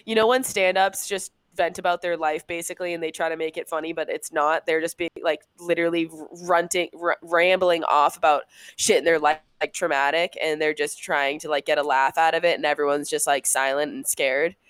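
A woman's voice: sits low, fairly even intonation, a little fast, hardly any pauses, a bit bright, clean tone, no echo. A woman co-hosting a podcast, teasing her co-host in rambling casual chat full of fillers.

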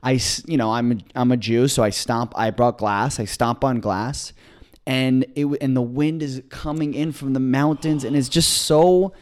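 A man co-hosting a comedy podcast, telling a long story in a casual, excited, rambling way with many restarts. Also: medium pitch, moderate pace. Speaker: podcast co-host.

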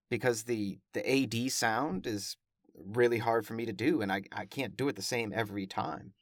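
A man's voice: medium pitch, normal speed, no room sound, clean studio sound. A man who is a professor and podcaster talks casually to listeners, carefully over-enunciating his words and often correcting himself. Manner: chatty, self-correcting, with frequent fillers. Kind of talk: casual monologue.

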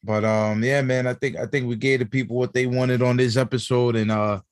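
A man's voice: mid-range voice, level tone, fairly quick, dry recording, studio quality. A man co-hosting a wrestling podcast, talking in a loose, slangy way with lots of fillers. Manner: laid-back, slangy, filler-heavy. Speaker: podcast co-host. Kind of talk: casual chat.

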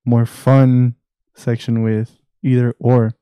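A young man co-hosting a casual podcast, steering the topics with an easy laugh. His voice is very dark and mellow, at a middle pitch. The recording is dry and close. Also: level tone, slow pace, clean tone, no echo. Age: young adult. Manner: leads the topics, laughs easily. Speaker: podcast co-host. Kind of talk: casual chat.

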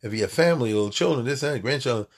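A man giving an informal, animated Torah talk, acting out voices and laughing at his own jokes. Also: mid-range voice, very fast, breathy edge. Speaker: rabbi teaching Torah.

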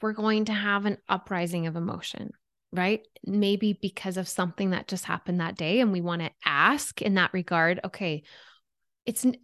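A woman in her thirties, a podcast guest talking about emotions, telling stories with lively shifts into quoted thoughts. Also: medium pitch, dry recording, studio quality. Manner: animated storyteller, voices her own and others' thoughts. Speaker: podcast guest, anxiety coach. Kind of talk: conversational interview.

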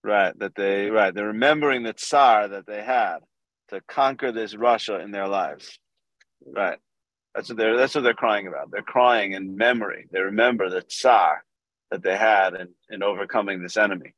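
A man's voice: on the low side, moderate pace, a bit bright, no echo, dull audio. A man leading a casual Talmud study class, explaining loosely with fillers and quoting Hebrew and Aramaic terms. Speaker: teacher leading a Gemara class.

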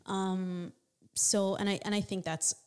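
A woman's voice: mid-range voice, steady tone, unhurried, darkish tone, clean tone. A woman in her forties chatting earnestly with her husband about relationships, giving advice and laughing easily. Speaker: co-host. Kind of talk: casual chat.

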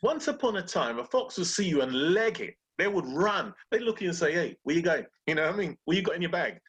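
A man's voice: sits high, fast talker, husky. A man talking casually about beating fear and growing, acting out little inner voices as he goes. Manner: animated, acts out inner voices. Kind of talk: casual motivational talk.

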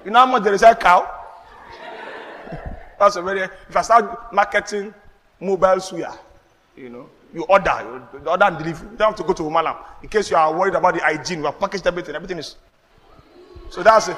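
A man with a Nigerian accent, preaching a sermon as pastor, animated, slipping into pidgin asides and laughing. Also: high-pitched, moderate pace, long pauses, in a large hall, slight background noise. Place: church.

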